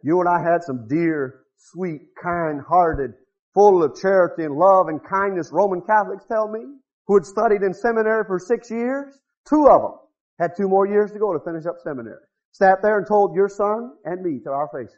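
High-voiced preacher man, shouting and muttering. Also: a little fast. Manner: swings between loud shouting and low muttered asides; folksy storytelling with rhetorical questions. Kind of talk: revival sermon. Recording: dull lo-fi recording.

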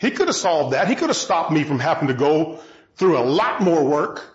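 A man's voice: fairly high pitch, big pitch swings, normal speed. A man preaching a sermon to a congregation, chatty and self-deprecating, asking them questions. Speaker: pastor. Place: large room with a congregation. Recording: roomy, dull sound.

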